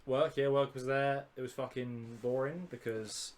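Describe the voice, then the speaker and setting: A man, co-hosting a casual podcast and grumbling deadpan about work. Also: mid-range voice, a little slow. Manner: dry, sweary, deadpan complaining. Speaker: podcast co-host. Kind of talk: casual chat.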